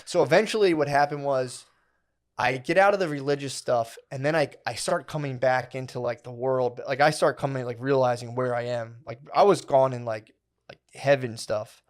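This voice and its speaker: A man's voice: medium pitch, moderate pace. Rambling, profane podcast storyteller man. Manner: loose, profane, fills every phrase with "like" and "dude". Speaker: comedy podcast co-host.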